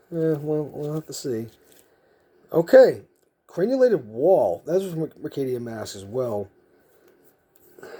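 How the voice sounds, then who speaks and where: A man's voice: mid-range voice, mellow, slightly rough. A man vlogging casually as he sorts through collectible cards, thinking aloud in a rambling, self-mocking way. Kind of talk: casual unscripted commentary.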